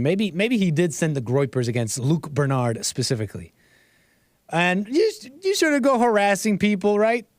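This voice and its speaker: A man's voice: sits high, no room sound, clean studio sound. Man casually ranting on a livestream. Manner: rambling, restarts phrases, tags sentences with "right?"; chuckles between remarks. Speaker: livestream host.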